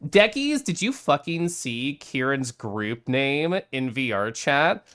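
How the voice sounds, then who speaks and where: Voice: medium pitch, very animated, slow, fairly bright tone, clear, resonant tone. A streamer chatting casually on a live stream, reading out viewer messages, greeting viewers and laughing often.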